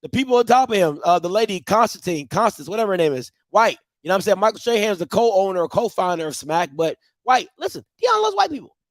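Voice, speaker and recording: A man's voice: sits high, very animated, quick pace, hardly any pauses, no room sound, clean studio sound. A man hosting a live talk show, giving emphatic commentary that repeats points and uses casual slang. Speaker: host.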